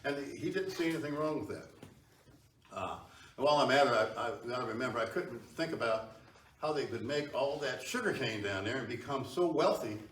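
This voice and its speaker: A man gives a conversational public history talk in a meeting hall, often putting questions to the audience. His mid-range voice is animated, fairly quick and fairly bright, with a little hiss or hum. A far-off tripod camera picks him up, so the hall sounds echoey.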